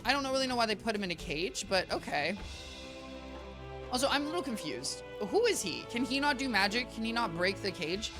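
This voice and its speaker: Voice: mid-range voice, very animated, fairly quick, music in the background. A young adult game streamer in casual gameplay commentary, rambling and chatting to viewers with lots of filler. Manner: rambling, talks to chat, heavy use of "like" and "guys".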